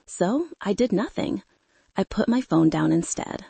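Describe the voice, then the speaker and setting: A woman narrating an audiobook in a measured, restrained first-person voice. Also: mid-range voice, lively intonation, creaky, mellow, husky, dry recording.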